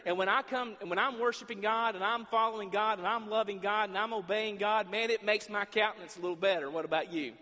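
Pastor, high-pitched man, preaching with shifting volume and acted-out dialogue, reverberant church. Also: fairly even intonation, fairly quick, few pauses, sharp tone. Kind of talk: sermon. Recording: long reverb in a large hall.

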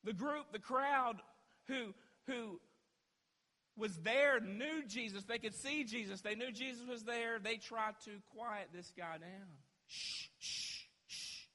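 A young adult man preaching a sermon as pastor, impassioned, swinging between hushed moments and shouts. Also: sits high, slow pace, in a large hall.

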